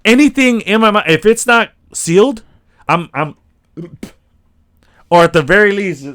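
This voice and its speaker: A man co-hosting a podcast, retelling a TV episode in a casual, animated way and acting out the characters' lines with plenty of swearing. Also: high voice, unhurried, dry recording, clean studio sound. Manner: animated retelling, acts out quotes, swears a lot. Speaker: podcast co-host. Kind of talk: casual chat recapping a TV episode.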